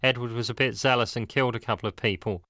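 A man voicing a tearful young woman in a read-aloud story, soft and pleading. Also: medium pitch, fairly even intonation, fast talker, no room sound, studio quality, natural voice.

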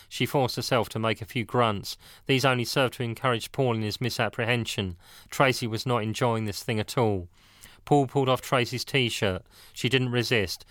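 A man reads a story aloud in a steady, matter-of-fact way. His voice is bright and forward. The sound is close and dry, with no room. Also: mid-range voice, no echo. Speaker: narrator. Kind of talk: audiobook narration.

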